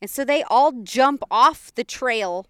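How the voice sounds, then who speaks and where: A young woman, telling a story in a casual, animated way and laughing often. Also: on the high side, slow, smooth, no room sound.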